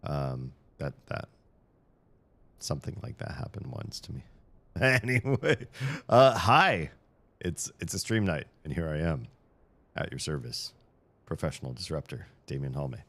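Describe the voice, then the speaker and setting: A deep-voiced man, worn out after a long day, hosts his live stream in loose, jokey chat. He rambles and trips over his words, restarting phrases as he goes. The sound is close and dry, with no room echo. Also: lively intonation, a little slow, a bit bright. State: tired. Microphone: studio microphone.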